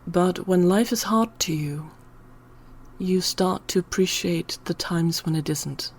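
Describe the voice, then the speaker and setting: Teary woman just rambling to the camera, voice a bit low, slips into whispers now and then. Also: slow, a little mellow, a little hiss or hum. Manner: emotional, on the verge of tears, drops to whispers at times. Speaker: channel host. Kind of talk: unscripted personal ramble.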